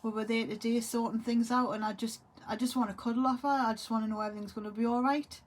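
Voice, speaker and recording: A grieving, tearful woman talks to camera in a halting way, often trailing off and repeating herself. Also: on the high side, fairly even intonation. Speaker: vlogger. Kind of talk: emotional monologue to camera.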